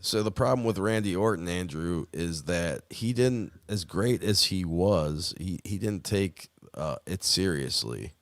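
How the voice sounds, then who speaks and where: A man's voice: low-pitched, lively intonation, unhurried, few pauses, no room sound. A man chatting casually as co-host, rambling, swearing and trailing off mid-thought. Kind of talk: casual chat.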